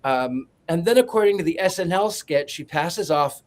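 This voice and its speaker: A man with a fairly high voice rambles through a film summary, full of deadpan sarcasm and playful asides. He restarts his sentences often and keeps the tone light and teasing. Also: normal speed, slight background noise. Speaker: podcast co-host. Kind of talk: joking film synopsis.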